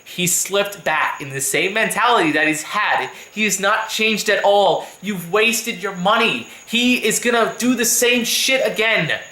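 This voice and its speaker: A man's voice: high-pitched, measured pace, few pauses, sharp tone, reverberant, rough recording. A man delivering a heated, profanity-laced rant as a YouTube commentator, repeating himself for emphasis. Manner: heated, profane, repetitive ranting. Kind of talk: angry rant vlog.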